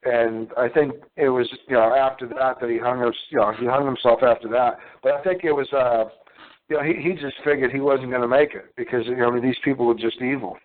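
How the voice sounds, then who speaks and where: A man talking on a radio show in a hesitant, halting way with many pauses and fillers. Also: medium pitch, fairly even intonation. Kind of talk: conversational radio chat. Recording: tinny phone line.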